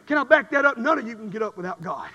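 A middle-aged man preaching a sermon, swinging from quiet testimony to shouted fervor. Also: very high voice, big pitch swings, quick pace, long reverb tail, dull audio.

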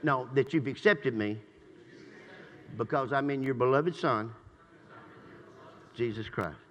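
An older man preaching a sermon in a church. He swings between shouted praise and low, conversational asides. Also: takes it slowly. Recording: long reverb in a church hall.

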